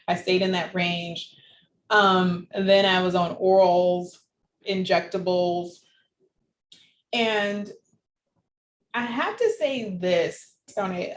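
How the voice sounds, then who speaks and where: A woman guest in an interview, telling her personal story in an animated way and laughing often. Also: lowish voice. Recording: echoey room with faint background noise.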